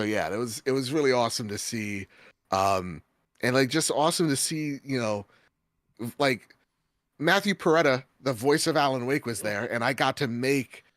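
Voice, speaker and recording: A man's voice: mid-range voice, normal speed, fairly bright tone, no echo, studio quality. A man hosting a gaming podcast, telling stories in a chatty, laughing way with lots of fillers. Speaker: podcast host. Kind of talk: casual chat.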